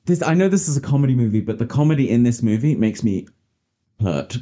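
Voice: mid-range voice, expressive, quick pace, mellow. A podcast host in casual chat, chatty and sarcastic, often laughing.

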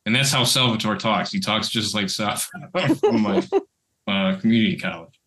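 Bright-voiced man telling a story. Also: fairly low pitch, moderate pace. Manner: rambling anecdote with restarts and laughter. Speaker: podcast co-host and creator. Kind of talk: casual storytelling chat.

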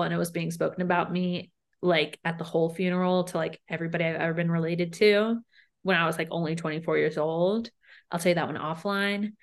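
A young woman with a lowish voice and a fairly bright tone co-hosts a podcast, sharing personal stories candidly and emphatically in casual chat.

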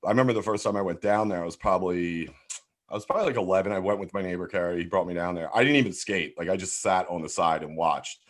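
Brief: low-voiced Philly guy in his 40s, casual and swearing, lots of "like". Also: fast talker. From Philadelphia, USA. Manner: rambling, heavy swearing, lots of "like" and restarts. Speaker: guest. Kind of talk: casual storytelling in a podcast interview.

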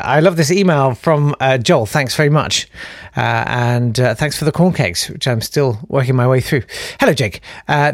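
A man hosting a casual solo podcast, chatty and self-mocking, reading listener emails aloud with quick asides. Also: mid-range voice, dry recording, studio quality. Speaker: podcast host.

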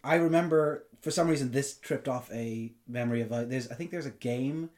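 A co-host chats on a podcast, wandering loosely from point to point. The talk is relaxed and unpolished, with the odd swear thrown in. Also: medium pitch, brisk. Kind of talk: casual chat.

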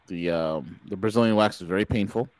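A man's voice: low voice, a little fast, a little mellow, dry recording, rough recording. Jokey male podcast host, dry close mic. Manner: jokey, rambling, laughs at his own gags. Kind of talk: casual joking live-stream chat.

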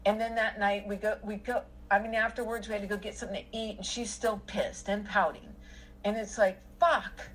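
A woman's voice: medium pitch, level tone, a little fast, a little hiss or hum, low-quality recording. A middle-aged woman telling a personal story in casual conversation, rambling with many fillers and restarts.

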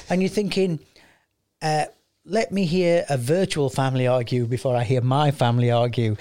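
A man's voice: fairly high pitch, darkish tone. Chatty man signing off a podcast. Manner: chatty, jokey sign-off. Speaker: podcast co-host. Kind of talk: casual podcast chat.

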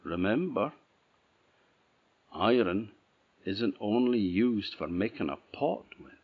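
A man's voice: fairly low pitch, animated, takes it slowly, breathy edge, exaggerated voice. A man with an Orcadian Scottish accent voicing a poor, wise old woman who speaks in earnest, cryptic sayings. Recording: dull lo-fi recording.

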